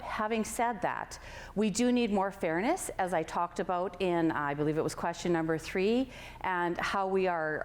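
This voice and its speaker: A woman candidate answers a forum question politely and with measured phrasing. Her voice sits a little low for a woman. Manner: measured and polite, with some filler words. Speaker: election candidate.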